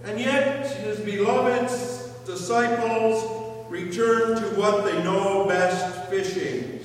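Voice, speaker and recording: Slow-preaching man in an echoey church. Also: high voice, fairly even intonation. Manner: slow, questioning, dramatic retelling of scripture. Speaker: pastor. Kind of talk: sermon. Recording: echoey hall from far off, faint hum.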